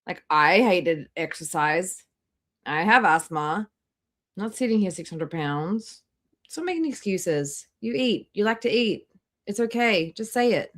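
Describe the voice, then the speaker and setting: A woman's voice: on the low side, lively intonation, a little slow, a bit bright. A young Australian woman hosting a reaction livestream, blunt in her opinions and greeting chat members as she goes. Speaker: livestream host.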